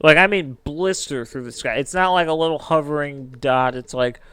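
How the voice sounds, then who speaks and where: A man hosting a casual podcast, telling a story in an animated way with drawn-out emphasis. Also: fairly high pitch, clean tone, no echo. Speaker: podcast host.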